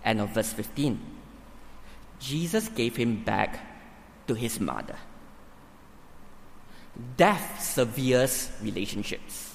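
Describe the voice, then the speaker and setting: A man preaching a sermon in a church hall, emphatic and building to forceful peaks. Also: mid-range voice, sing-song, slow, gravelly, pauses often, slight background noise. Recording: reverberant hall, faint ambience.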